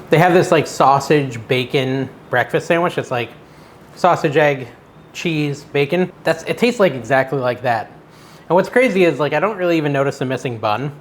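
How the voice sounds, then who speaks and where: A man hosting a casual cooking vlog from his kitchen, chatting as he cooks in an unsure, self-deprecating way. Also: a little high. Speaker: cooking show host.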